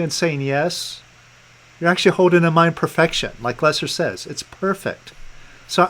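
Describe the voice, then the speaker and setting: Calm, coaxing male coach. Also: on the high side, a little slow, rough recording. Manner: calm, coaxing, repeats gentle prompts. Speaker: meditation coach. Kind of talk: guided release coaching session. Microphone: video call.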